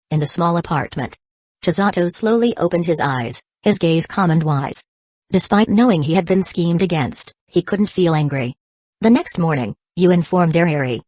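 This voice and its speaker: A woman narrating an audiobook in an even, measured reading. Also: deep voice, no room sound. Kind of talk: scripted narration.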